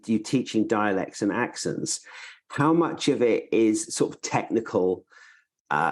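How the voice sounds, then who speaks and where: A man hosting a podcast, asking thoughtful questions with a hesitant, searching delivery. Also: on the low side. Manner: thoughtful, hesitant, many restarts. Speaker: podcast host. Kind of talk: casual podcast interview.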